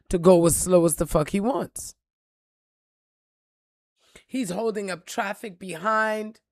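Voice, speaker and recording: A woman's voice: medium pitch, no echo, studio quality. A woman vlogger telling a story in a blunt, profane, preachy rant. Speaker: spiritual reader and vlogger.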